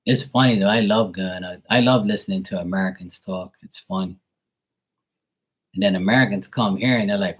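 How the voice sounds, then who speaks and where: A man's voice: low voice, a little fast, breathy edge. A man who reads tarot on a live stream, rambling in casual chat, swearing freely, laughing and mimicking how other people talk. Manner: loose and profane, laughs often, mimics other people's voices.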